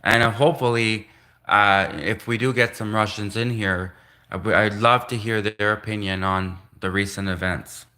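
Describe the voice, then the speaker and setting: A man hosting a casual livestream, talking in halting bursts and slowly sounding out practice phrases in a language he is learning. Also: on the low side, fairly even intonation, bright, forceful tone. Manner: halting, restarts, slow careful reading of foreign phrases. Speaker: livestream host.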